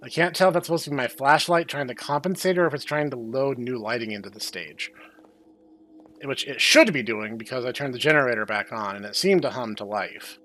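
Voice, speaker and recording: A young man doing sarcastic, deadpan commentary while playing a horror game. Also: medium pitch, brisk, a little hiss or hum. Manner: deadpan, dry sarcastic asides. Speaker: game streamer. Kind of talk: sarcastic let's-play commentary.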